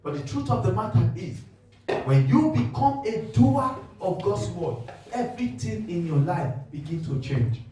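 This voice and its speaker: A man preaching a sermon as pastor, moving from quiet talk to fervent shouting. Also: high voice, sing-song, measured pace, a little hiss or hum. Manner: impassioned, swings from quiet to shouting. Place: church hall. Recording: echoey hall, mic far off, faint music.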